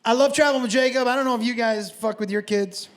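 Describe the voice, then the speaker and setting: A middle-aged man doing stand-up comedy, telling stories in a brash, profane, animated way on a comedy club stage. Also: very high voice, fast talker. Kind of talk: stand-up storytelling. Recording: live show with roaring crowd.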